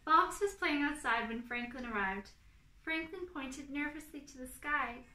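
Woman, storyteller, picture book for preschoolers, expressive, high voice, echoey room. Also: a little slow, recorded from a distance. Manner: expressive, asks the children questions.

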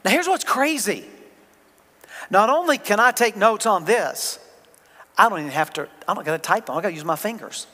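A man's voice: sits high, lively intonation, fairly quick, pushed and bright. A man with a Southern American accent, preaching a sermon as the pastor of his church in a conversational, joking way. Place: church sanctuary. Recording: long hall reverb.

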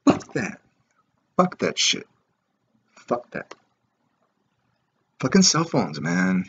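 Husky, profane man ranting. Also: low voice, huge pitch swings, slow pace, pauses often, fairly bright tone. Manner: profane, rambling, heavy filler words. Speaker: vlogger. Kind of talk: casual rant to camera. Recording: dull lo-fi recording.

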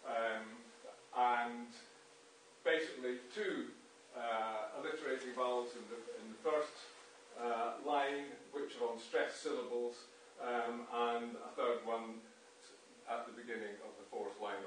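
A man giving a poetry reading and talk, reading verse slowly and with weight, then explaining with many ums and restarts. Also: medium pitch, steady tone, fairly bright tone. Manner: reads verse slowly with strong emphasis, explains with many fillers. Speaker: poet and translator giving a reading. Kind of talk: public reading and lecture on poetry. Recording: very echoey room, distant mic, faint noise.

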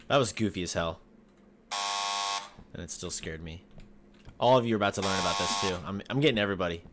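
Joking low-voiced man playing a game. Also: a little hiss or hum. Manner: joking, talks to viewers, sudden yelps and shouts. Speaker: gaming video host. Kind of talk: casual let's-play commentary.

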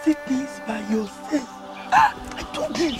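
An actress with a Yoruba-tinged Nigerian accent playing a pushy, gossiping friend. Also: female voice, sits high, wildly swooping pitch, unhurried, loud music behind the voice, exaggerated voice. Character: gossiping meddlesome friend, adult woman.

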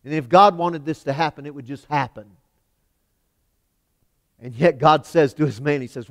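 A man preaching a sermon in a church, emphatic, swinging from loud declarations to hushed lines. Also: a little high, normal speed, long pauses. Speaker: pastor. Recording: long hall reverb.

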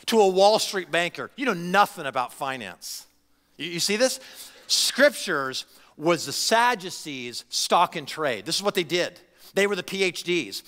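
A male pastor preaching with a bright, forceful voice pitched a little high. He speaks in an animated, conversational way and often restarts his phrases. His voice carries a long reverb from the church sanctuary. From United States. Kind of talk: sermon.

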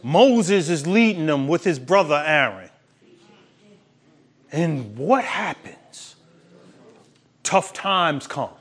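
A man's voice: fairly high pitch, lively intonation, slow, pauses often, a bit bright, breathy edge. A male pastor preaching a sermon with emphatic, preachy delivery and laughing at his own points.

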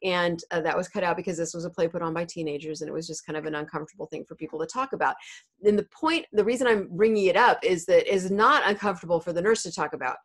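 A woman English teacher explaining a play in a casual talk at home, animated and playful. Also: lowish voice, fast talker.

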